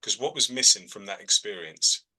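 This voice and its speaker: Fairly low-pitched and slightly rough, his voice is bright and forceful, with lively intonation at a moderate pace, though the audio is poor. The man is a trance medium giving a relaxed video-call lesson, answering students chattily and checking in with "all right?"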